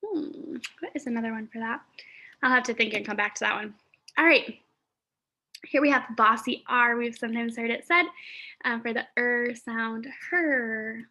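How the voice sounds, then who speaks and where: A woman's voice: on the high side, bright, forceful tone. A woman teaching a phonics lesson to young children, sounding out letters and words with careful enunciation and thinking aloud as she goes. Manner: thinks aloud with pauses and fillers.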